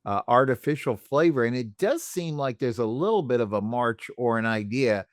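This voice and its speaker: A man's voice: medium pitch, lively intonation, moderate pace, no echo, clean studio sound. A man hosting a radio show, from the United States, talking in a chatty, enthusiastic way. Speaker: radio host. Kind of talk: casual radio interview.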